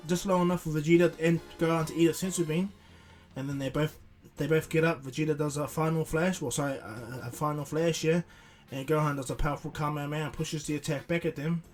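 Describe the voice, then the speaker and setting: A man narrating a fan-made cartoon story casually, rambling with many restarts. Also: on the high side. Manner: rambling, filler-heavy with restarts and chuckles. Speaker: YouTuber storyteller.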